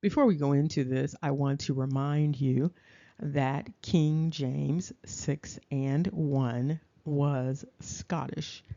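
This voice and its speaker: A woman giving a deliberate lecture over slides, pausing to check in with her listeners. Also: deep voice, steady tone, warm tone. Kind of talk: slow explanatory lecture. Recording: dull lo-fi recording.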